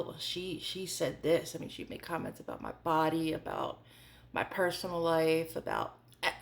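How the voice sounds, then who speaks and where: A woman's voice: mid-range voice, vocal fry, fairly bright tone. A woman in her forties telling a candid storytime vlog in a chatty way, full of fillers. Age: 40s. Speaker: vlogger.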